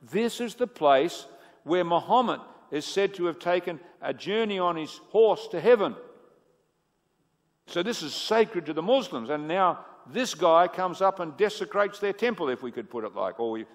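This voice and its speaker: A man preaching a sermon. He swings from booming emphasis to hushed asides and asks the audience questions. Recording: echoey hall with long reverb.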